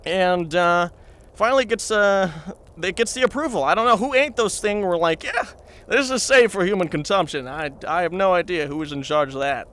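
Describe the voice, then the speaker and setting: A high-pitched man spins a long comic anecdote in character as a reporter. He meanders and chats straight to his viewers, full of asides and fillers. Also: normal speed, a bit bright, smooth. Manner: chatty, meandering, addresses viewers. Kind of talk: comedic rambling anecdote.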